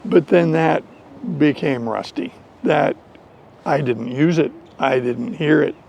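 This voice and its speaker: An American man telling a story slowly and deliberately in an English lesson for learners. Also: fairly high pitch, highs cut off, a little hiss or hum. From United States. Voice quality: gravelly. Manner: slow, deliberate, animated storytelling. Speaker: English teacher.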